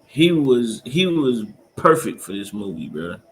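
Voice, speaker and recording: A man co-hosting a podcast, chatting casually about a movie as an animated, slangy storyteller who laughs often. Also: mid-range voice, unhurried, a little hiss or hum. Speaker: podcast co-host. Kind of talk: casual movie recap chat.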